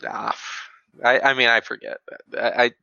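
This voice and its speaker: A man's voice: medium pitch, level tone, normal speed, creaky, bright, forceful tone, smooth, no echo. A man on a podcast panel, explaining game rules in casual chat. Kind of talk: casual tabletop wargame chat. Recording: dull lo-fi mic.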